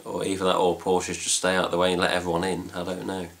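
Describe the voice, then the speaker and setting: At home, an English man with a very low, gravelly voice talks fast and casually for his fan site vlog. He rambles through his story, full of fillers and mild swearing, in a relaxed style.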